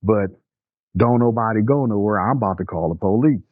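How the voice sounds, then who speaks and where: A man voicing an angry, protective middle-aged mother who scolds in a shrill, demanding way. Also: a little fast, dry recording, narrow, tinny audio, close to an everyday voice. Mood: alarmed.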